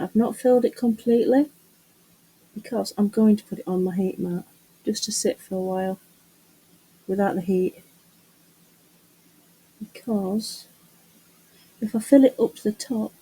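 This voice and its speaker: A woman's voice: medium pitch, dark tone, slightly rough, poor audio. A middle-aged woman chatting casually to camera while doing a resin craft, muttering to herself and teasing herself about her mess. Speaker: craft vlogger.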